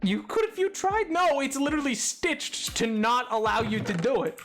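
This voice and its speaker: A streamer in casual gaming livestream chat, playful and excitable, joking and reading out chat messages. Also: sits high, normal speed, soft background music.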